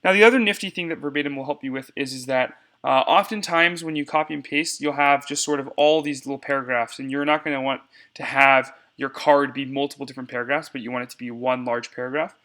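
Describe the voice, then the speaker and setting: A man's voice: medium pitch, fairly even intonation, quick pace, few pauses, sharp tone. A young man giving a casual step-by-step screencast tutorial on cutting debate cards, talking to viewers as y'all.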